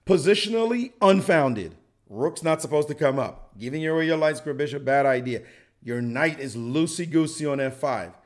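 Playful, animated male chess commentator. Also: fairly high pitch, moderate pace. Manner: playful, joking, voices players' reactions.

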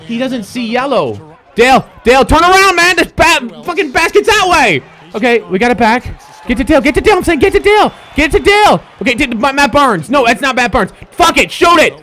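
A young man yelling and joking through a basketball video game in a high, very lively voice. He swears freely, cheers and groans at every play, and his pitch swings all over the place. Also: a little fast. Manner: excitable, swearing, shouting at players. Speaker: gaming streamer. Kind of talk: casual game commentary.

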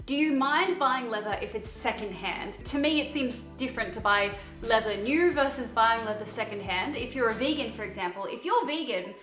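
A woman with an Australian accent chatting casually through a thrift haul vlog, bubbly and full of quick asides. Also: fairly high pitch, animated, fairly bright tone. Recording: echoey room, faint music behind.

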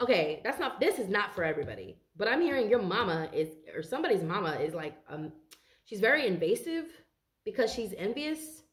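A tired woman with a slightly high voice gives viewers a casual tarot reading, chatting, rambling and swearing freely. Her voice sounds roomy, and she's a tarot card reader.

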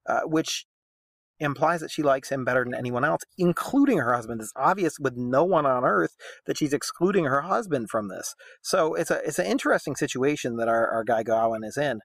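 Animated man explaining a poem. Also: medium pitch, fairly quick, gravelly, no echo. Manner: chatty, rhetorical questions, many fillers. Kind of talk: casual literature lesson.

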